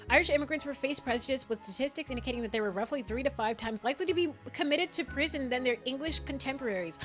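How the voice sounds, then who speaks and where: A woman's voice: fairly high pitch, fairly bright tone. A woman in her twenties streaming a game, rambling and giggling through casual commentary with frequent swearing.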